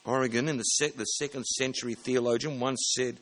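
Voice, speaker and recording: A man delivers a sermon in an easygoing, conversational way. His voice sits at an average pitch, and now and then he stops to correct himself mid-sentence. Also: steady tone, brisk, hardly any pauses, a bit bright. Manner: plain conversational preaching with self-corrections. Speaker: pastor.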